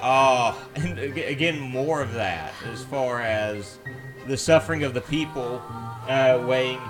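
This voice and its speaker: A man's voice: medium pitch, measured pace, over music. A man streaming a video game, chatting casually and mocking himself as he thinks aloud. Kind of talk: casual let's-play commentary.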